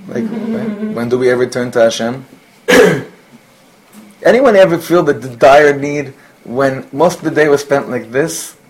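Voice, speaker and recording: Husky rabbi telling a Hasidic tale. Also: male voice, mid-range voice, low-quality recording. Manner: storytelling with Yiddish and Hebrew words, jokes with students. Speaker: rabbi teaching a class. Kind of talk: telling a Hasidic story to a class.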